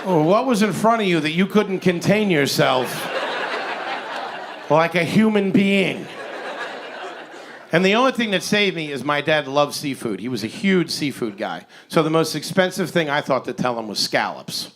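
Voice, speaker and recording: Male stand-up comic, forties, slightly high voice, incredulous ranting, noisy live room. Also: lively intonation, normal speed, fairly bright tone. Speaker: stand-up comedian. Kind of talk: stand-up comedy set. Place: comedy stage before a live audience.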